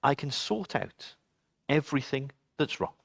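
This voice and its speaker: A man voicing a gentle, kindly male talking candle in a children's story, speaking softly and low. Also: big pitch swings, measured pace, gravelly, no room sound, heavily acted. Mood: gentle pleading. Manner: soft, low and pleading.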